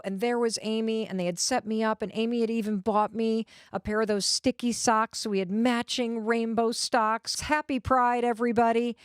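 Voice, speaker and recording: A woman host tells a personal story, leaning in with lively, confiding energy and frequent asides to the listener. Her voice sits in a middle range and sounds dry and close to the mic. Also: medium pitch, clear, resonant tone, no room sound.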